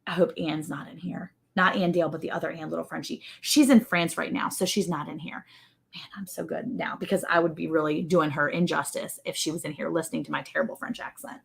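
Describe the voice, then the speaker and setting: A woman hosting a relaxed livestream from her ranch, chatting with viewers and joking freely. Her voice sits a little low for a woman, and she is playful, punning and quick to laugh. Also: vocal fry, breathy edge. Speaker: livestream show host. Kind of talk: casual chat, reading viewer comments. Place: ranch home.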